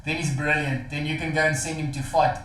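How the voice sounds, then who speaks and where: A man's voice: on the high side, level tone, brisk, a bit bright, reverberant, rough recording. A man co-hosting a casual sport podcast, jokey and laughing often. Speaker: podcast co-host.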